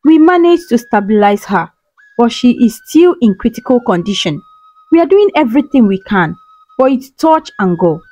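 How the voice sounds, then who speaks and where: A woman voicing a serious, doubtful male doctor who speaks gravely. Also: fairly high pitch, sing-song, moderate pace, a little mellow, faint music behind. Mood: calm. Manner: grave, sighing.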